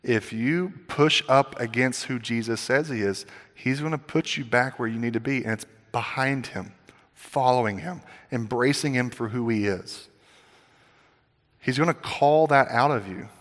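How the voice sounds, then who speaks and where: A male pastor delivers a sermon with animated energy, rising to loud emphatic passages and dropping into quiet asides. His voice sits at an ordinary middle pitch. A long reverb trails behind his words, as in a large sanctuary. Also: measured pace. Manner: casual filler "like" in personal asides.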